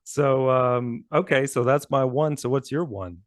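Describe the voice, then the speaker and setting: A man's voice: medium pitch, unhurried, slight background noise. A man co-hosting a casual chat, talkative, laughing often and restarting his sentences. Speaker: co-host.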